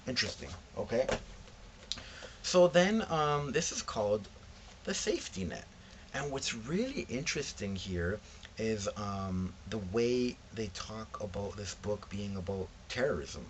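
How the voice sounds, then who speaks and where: A young man with a fairly low voice talks casually in a book vlog about books he found, speaking a little slowly but very animatedly. He tells the story with slangy asides and acts out what his friends said, and there's a faint hiss or hum on the recording.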